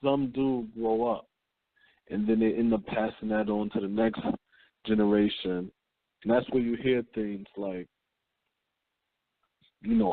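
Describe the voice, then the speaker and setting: Gravelly man hosting call-in radio. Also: mid-range voice, very animated, no echo. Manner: unhurried, reflective, reads news aloud. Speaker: radio show host. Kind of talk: call-in talk radio monologue. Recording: phone-line call-in audio.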